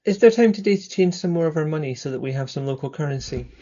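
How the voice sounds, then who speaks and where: A man playing a tabletop game, chatting fast and casually. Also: on the high side, expressive, dark tone, highs cut off. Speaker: player.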